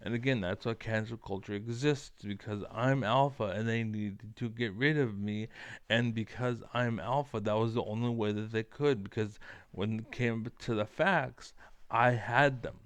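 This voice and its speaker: Man ranting profanely, smooth dry voice. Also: lowish voice, normal speed, dry recording. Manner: profane, rambling, combative, many fillers. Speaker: online commentator. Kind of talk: ranting monologue to camera.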